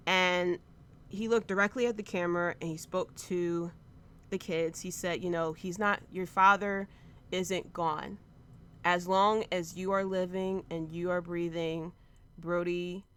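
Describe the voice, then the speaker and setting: A woman in her thirties hosts a laid-back wrestling podcast, delivering an emotional, rambling show recap full of fillers. She speaks with a fairly low pitch and a clear, resonant tone that's a bit bright.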